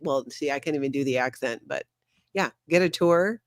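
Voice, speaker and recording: A woman's voice: low-pitched, moderate pace, no echo, clean studio sound. A middle-aged woman hosting a casual chat, talking freely and laughing often as she tries out playful accents. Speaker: host.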